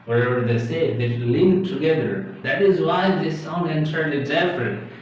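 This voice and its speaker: A man with an Indian accent giving an animated English lesson, exclamatory and playacting confused learners. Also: fairly high pitch, moderate pace. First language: Indian language. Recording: echoey, distant, dull lo-fi with faint hiss.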